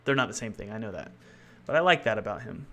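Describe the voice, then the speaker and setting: A man's voice: on the low side, animated, fast, a bit bright. Rambling man thinking aloud on a live coding stream. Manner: rambling, loose and self-correcting; thinks aloud while working. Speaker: game developer streaming his work.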